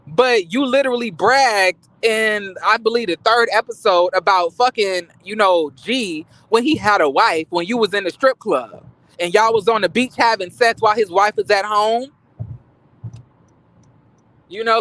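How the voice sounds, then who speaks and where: Sassy high-voiced man gossiping. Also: a bit bright, no echo. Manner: sassy, profane, rambling with restarts. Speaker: reality TV commentator. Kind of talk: casual gossip commentary.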